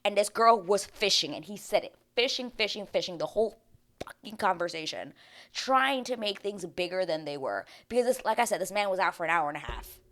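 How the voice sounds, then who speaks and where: A woman's voice: medium pitch, animated, fairly quick, fairly bright tone. A woman hosting a reality TV recap in casual commentary, ranting with exasperation and swearing freely.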